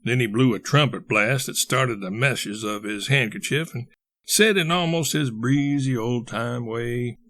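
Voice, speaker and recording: A man reading a classic novel aloud in measured, steady narration. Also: medium pitch, no room sound. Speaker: audiobook reader. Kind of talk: scripted narration.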